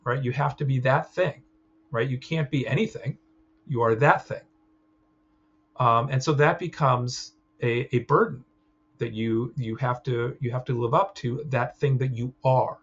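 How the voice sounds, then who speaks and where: In a recorded clinical training lecture, a man explains concepts in a relaxed, conversational style, frequently adding "right?". His mid-range voice is steady with a breathy edge, his pace moderate, and the audio is slightly dull with faint ambience.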